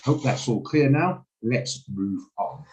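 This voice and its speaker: A man's voice: medium pitch, takes it slowly, darkish tone, low-quality recording. A man teaching a live online trading class over a video call, chatty and rambling, often laughing as he explains. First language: English. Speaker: trading coach.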